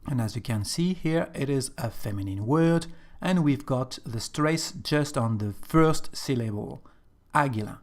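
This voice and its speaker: Slow, patient male language teacher. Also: medium pitch, expressive, a little mellow. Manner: slow, patient, repeats examples. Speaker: Spanish teacher. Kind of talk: explanatory lesson.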